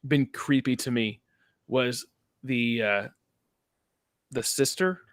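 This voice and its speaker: A man with a mid-pitched voice chats casually, tossing in quick questions and reactions. The sound is dry and close, with little room around it. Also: no room sound. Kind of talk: casual chat.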